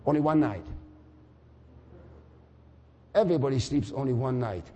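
Older male preacher, high lively delivery, long hall reverb. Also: quick pace. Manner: animated, swings from quiet musing to shouting. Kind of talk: sermon.

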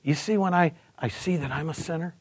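High-pitched and husky, this preacher in his fifties gives a testimony sermon a little quickly. He narrates with animation, trips over repeated words, and slips into other characters' voices. The sound is dry and close, with no room sound.

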